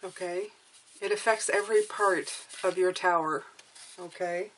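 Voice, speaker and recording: A woman's voice: on the low side, fairly even intonation, unhurried, a little hiss or hum. A woman giving an earnest spiritual tarot reading, coaxing her viewers and often checking in with "okay?" and "you guys". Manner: emotional, coaxing. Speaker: tarot reader.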